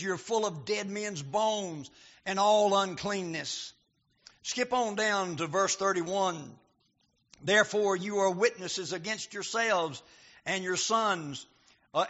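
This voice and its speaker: A male preacher giving a sermon, reading scripture and building to emphatic, shouted points. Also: high voice. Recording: dull lo-fi recording.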